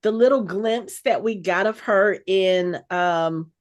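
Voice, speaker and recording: Woman podcast host, casual recap, chatty, lively storytelling, mid-pitched voice. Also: takes it slowly.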